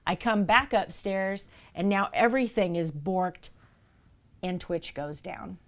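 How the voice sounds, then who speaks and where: Animated woman streamer telling a story. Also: lowish voice, slow. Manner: animated storytelling, addressing viewers directly. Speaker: live streamer. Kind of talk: casual chat.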